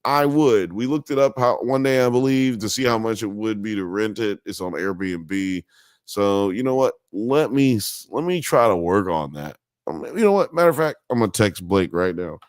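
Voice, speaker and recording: A man's voice: on the low side, moderate pace, no echo. A man hosting a live stream, reading chat comments aloud in a casual, joking way with frequent laughter and swearing. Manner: animated, laughing, mock accents, swearing.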